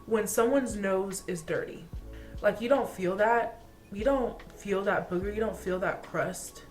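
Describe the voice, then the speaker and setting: A young woman from Atlanta chats to her camera in an exasperated, playful rant. Her voice sits at a middle pitch, and she laughs often between complaints. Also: unhurried, soft background music. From Atlanta, Georgia. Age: young adult. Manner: chatty, exasperated ranting with frequent laughs and "like". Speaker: vlogger. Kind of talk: casual chat.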